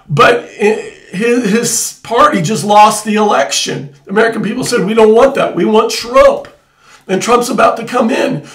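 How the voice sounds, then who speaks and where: Urgent high-voiced man in an echoey room. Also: distant mic. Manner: urgent, repetitive, rising to emphatic outbursts. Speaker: host. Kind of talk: alarmed political commentary.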